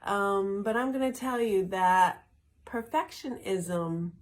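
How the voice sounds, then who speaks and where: A middle-aged woman hosting a wellness vlog, talking in an earnest, reflective way with soft laughs, speaking from a greenhouse. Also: mid-range voice, slow. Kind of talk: casual spoken talk.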